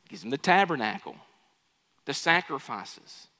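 A man preaching a sermon, swinging between loud, pleading cries and quiet, conversational asides. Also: mid-range voice, big pitch swings, moderate pace. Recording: hall with long reverb.

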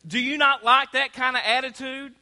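A man's voice: extremely high pitch, steady tone, normal speed, pushed and bright. A man preaching a sermon in a church, asking the congregation to call out answers. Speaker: pastor. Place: church sanctuary. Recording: long church hall reverb.

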